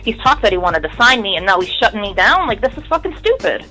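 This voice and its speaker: A woman's voice: medium pitch, big pitch swings, fast, sharp tone, soft background music, poor audio. Woman in her 30s rambling thru a story on a radio interview, swears a ton, very candid. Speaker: musician guest.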